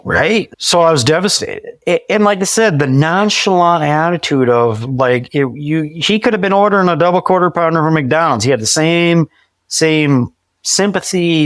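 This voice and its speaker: A man in his forties, a podcast guest, telling his story conversationally, with many restarts and lively acted-out quoted dialogue. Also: a little high, no room sound, clean studio sound. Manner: acts out quoted dialogue vividly; frequent restarts and repeated words.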